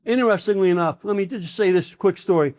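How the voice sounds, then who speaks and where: A man's voice: sits high, fast, darkish tone. An older man, a former congressman, telling stories in an interview in an emphatic, indignant way.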